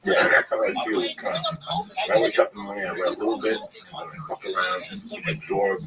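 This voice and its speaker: A man's voice: on the low side, big pitch swings, quick pace, gravelly. A man, a comedian hosting a casual chat, blunt and profane as he reminisces. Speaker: comedian host. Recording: loud crowd chatter behind.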